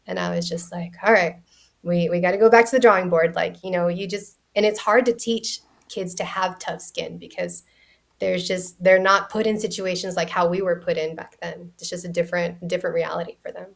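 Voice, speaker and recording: A woman's voice: fairly low pitch, steady tone, normal speed, gravelly. A young woman talking as a guest on a casual podcast, with frank and blunt speech and casual swearing. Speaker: guest, golf coach.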